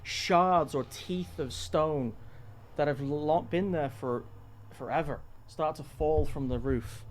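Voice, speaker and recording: A man running a tabletop game, narrating scenes in an unhurried, descriptive way with restarts. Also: a little high, slight background noise. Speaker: game master.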